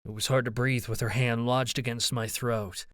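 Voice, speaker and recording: Smooth-voiced male audiobook narrator. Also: mid-range voice, level tone, normal speed, fairly bright tone, no room sound, clean studio sound. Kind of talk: first-person scripted narration.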